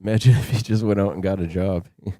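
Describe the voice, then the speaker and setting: Male stream host, low-ish, very mellow dark tone, dry close sound, casual jokey chat. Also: steady tone, quick pace, no echo. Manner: joking, laid-back, chatty with viewers. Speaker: scambait livestream host.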